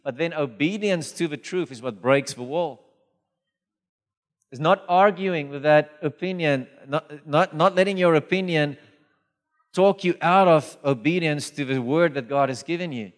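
Preacher in a reverberant hall. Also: male voice, on the high side, a little slow. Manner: animated storytelling, acts out dialogue. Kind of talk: sermon.

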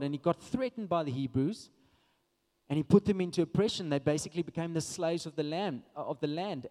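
South African male preacher, slightly high voice, storytelling sermon, long hall reverb. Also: darkish tone. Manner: storytelling, casual with many fillers.

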